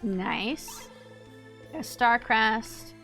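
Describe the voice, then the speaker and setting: A woman's voice: on the high side, very slow, sharp tone, faint music behind. A woman streamer giving casual, playful commentary as she plays a video game, often talking to herself. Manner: playful, talks to herself while playing.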